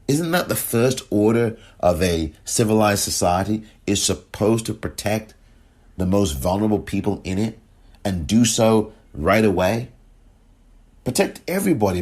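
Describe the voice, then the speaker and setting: A lower-pitched man with a husky edge to his voice hosts a podcast monologue. He talks with a lively, swinging pitch, firing off indignant rhetorical questions in passionate opinion commentary. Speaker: podcast host.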